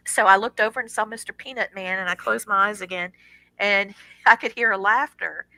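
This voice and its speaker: A middle-aged woman tells a personal story as a radio guest, animated and dramatic, slipping into the voices of the people in it. Her voice is very bright and cutting, and the close mic is completely dry. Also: medium pitch, fairly quick, creaky, no echo, poor audio. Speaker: guest on a paranormal radio show. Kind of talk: casual storytelling.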